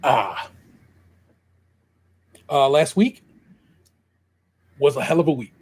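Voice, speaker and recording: Husky-voiced man telling stories. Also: mid-range voice, slow pace. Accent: Ohio. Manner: animated storytelling, laughs often, acts out quotes. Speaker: podcast co-host. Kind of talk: casual chat.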